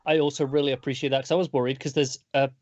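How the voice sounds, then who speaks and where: A man co-hosting a comic book podcast, chatting quickly with animated reactions, heard on a dull lo-fi mic. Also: medium pitch, no room sound. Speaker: podcast co-host. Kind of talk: casual comic book review chat.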